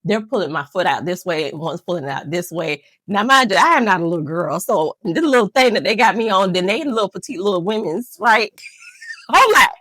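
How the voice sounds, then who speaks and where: A woman's voice: medium pitch, lively intonation, fairly quick, fairly bright tone, no room sound. A woman vlogger telling a rambling, self-mocking story to camera, laughing often. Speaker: nail channel vlogger.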